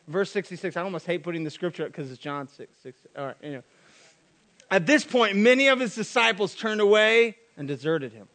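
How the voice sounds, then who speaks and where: Pastor, male, very high voice, chatty sermon with wry asides. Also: lively intonation, brisk, fairly bright tone. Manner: casual, joking asides.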